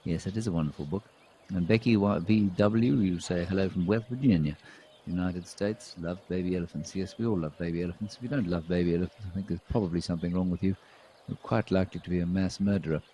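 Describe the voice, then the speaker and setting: A man hosting a live wildlife cam show, reading out viewer comments and commenting on animals with relaxed, dry humor. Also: deep voice, fast talker, a little hiss or hum. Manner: dry, deadpan jokes.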